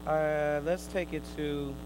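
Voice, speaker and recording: A man preaching a sermon, quizzing his listeners in call and response, swinging from loud emphatic bursts to quiet asides. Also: a little high, level tone, slow pace, noisy background.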